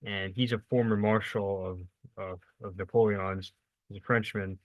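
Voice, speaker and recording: Low, flat-voiced man rambling through history. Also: no echo, lo-fi sound. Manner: rambling and informal, many fillers and self-corrections, quick asides. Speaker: presenter of a history lesson. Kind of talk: casual unscripted lecture.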